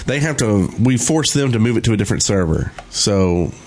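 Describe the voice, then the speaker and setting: Low-voiced man co-hosting, hesitant. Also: animated, fairly quick, darkish tone. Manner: hesitant, full of uh fillers. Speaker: podcast co-host. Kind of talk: casual podcast chat.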